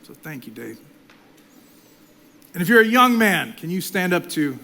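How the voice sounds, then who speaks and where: A man in his forties, a pastor preaching a sermon, swinging between loud emphatic exhortation and soft, intimate delivery. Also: sits high, big pitch swings, unhurried, creaky. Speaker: executive pastor.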